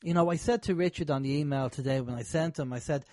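A man's voice: on the high side, quick pace, warm tone, no room sound. A man hosting a casual conversation, talking in a rambling, hesitant way with many fillers.

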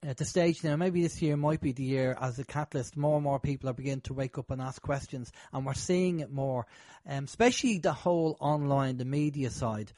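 A man's voice: mid-range voice, fairly quick, warm tone, no room sound. A man hosting a casual conversation, talking in a rambling, hesitant way with many fillers.

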